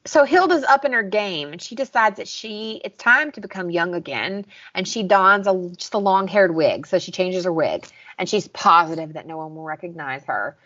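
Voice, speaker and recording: A woman's voice: lowish voice, animated, moderate pace, hardly any pauses, pushed and bright, dull audio. A young woman from the American South co-hosting a podcast, chatting casually and recapping scenes with lots of "like" and "um". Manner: chatty, recaps scenes and acts out quotes with laughs. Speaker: podcast co-host.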